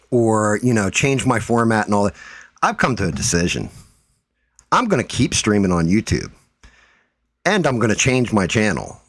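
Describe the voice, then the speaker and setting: A man's voice: fairly low pitch, no echo. A man hosting his own livestream, ranting in a profane, defiant and heated way. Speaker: livestream host.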